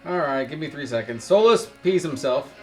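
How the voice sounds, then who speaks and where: Hesitant, lively-voiced game player. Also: male voice, a little high, moderate pace, faint music behind. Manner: hesitant, with many ums and uhs. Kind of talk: casual table talk.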